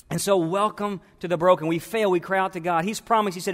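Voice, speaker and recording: Impassioned preacher, high voice, echoing church. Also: male voice, steady tone, quick pace, hardly any pauses. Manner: impassioned preaching, swings between hushed and loud. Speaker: pastor. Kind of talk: sermon. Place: church sanctuary. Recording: long reverb in a large church hall.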